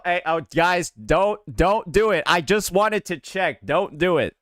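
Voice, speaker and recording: A man's voice: high voice, lively intonation, measured pace, a bit bright, no echo, clean studio sound. A male streamer chatting casually to his viewers live, loose and repetitive, from the American South. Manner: loose and chatty, repeats himself.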